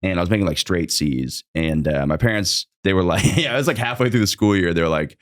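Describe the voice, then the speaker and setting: A man's voice: low voice, lively intonation, a little fast, fairly bright tone. A young man, a guest comedian, telling a long story in casual podcast chat, loose and profane, with lots of filler words.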